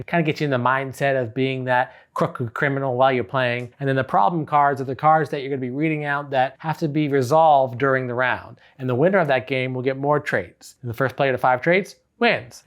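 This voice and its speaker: A man casually explaining a party game's rules in a review. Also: mid-range voice. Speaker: board game reviewer.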